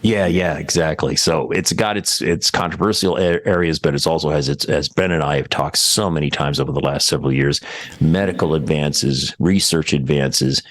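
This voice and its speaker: A man with a very low, deep voice hosts a tech talk show. He chats casually and with enthusiasm, his voice leaping upward when he exclaims. The sound is dry and close. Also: normal speed, a bit bright, no echo. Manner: enthusiastic, exclaims with big pitch jumps. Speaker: radio show host.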